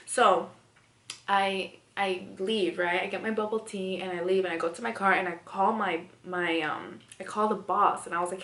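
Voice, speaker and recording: A woman's voice: on the low side, fairly even intonation, moderate pace, fairly bright tone. A young woman vlogger telling a story in casual chat, rambling with lots of "like" and "you know" fillers. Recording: echoey room.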